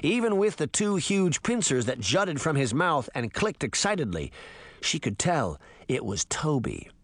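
A man narrating a fantasy audiobook in a dramatic, expressive reading style. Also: a little high, unhurried, no room sound. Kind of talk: scripted narration.

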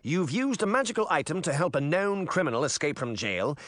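A smug, scheming prince who sneers down at everyone, as a male audiobook narrator puts him on. His scorn rises and falls with animated pitch, in a slightly high, dry, close-miked voice. It has the cool arrogance of a storybook villain. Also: brisk, no echo. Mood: scornful. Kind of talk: audiobook character reading.

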